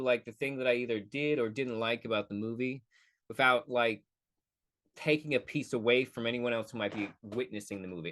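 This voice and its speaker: A man talks through a movie review on his own podcast in a loose, rambling way, stopping to correct himself and tossing in the odd swear. He slips into quick mocking voices and then drops back to his plain, mid-pitched speaking voice. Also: a bit bright. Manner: profane asides. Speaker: podcast host. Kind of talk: casual solo movie review.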